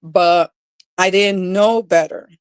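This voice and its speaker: A woman's voice: fairly low pitch, takes it slowly, clean tone, no echo. Candid middle-aged woman telling her story. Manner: candid, emotional storytelling with many fillers. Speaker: domestic violence coach and guest. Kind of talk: personal testimony in an interview.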